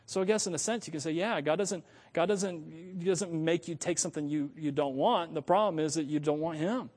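Animated high-voiced man preaching in a hall. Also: a little fast. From United States. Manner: animated, self-correcting, thinks aloud. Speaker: pastor. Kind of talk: sermon.

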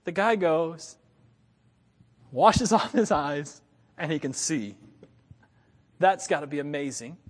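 A man's voice: fairly high pitch, takes it slowly, long pauses, in a large hall. A man in his thirties preaching a sermon as a pastor, telling stories animatedly with frequent chuckles. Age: 30s. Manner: animated storytelling with frequent laughs.

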